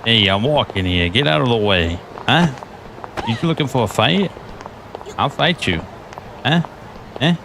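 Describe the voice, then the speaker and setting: A man's voice: medium pitch, animated, unhurried, vocal fry, long pauses, background noise. A man putting on a brash New York tough-guy voice, blustering and mock-aggressive. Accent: New York, put on.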